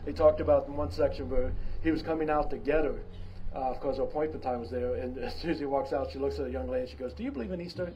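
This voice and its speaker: A man giving a sermon as pastor, talking casually with fillers and restarts, then swelling to loud, emphatic preaching. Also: mid-range voice, fairly even intonation, quick pace. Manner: emphatic preaching with big swings in loudness. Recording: dull lo-fi sound with clear background noise.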